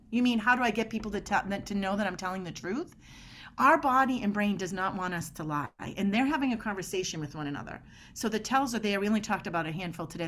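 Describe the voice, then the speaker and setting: A woman's voice: mid-range voice, a bit bright, a little hiss or hum. A middle-aged woman guest on a podcast interview, explaining body language in an emphatic way and acting out quoted dialogue.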